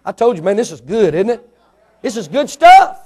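A man preaching a sermon with fervor, firing rhetorical questions at the congregation and swinging between soft and loud delivery. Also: high voice, expressive, brisk, breathy edge.

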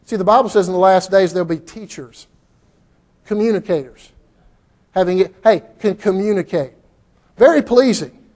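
A man's voice: sits high, moderate pace, pauses often, darkish tone. A middle-aged man preaching a sermon in a church, folksy and repetitive, rising to fervent outbursts.

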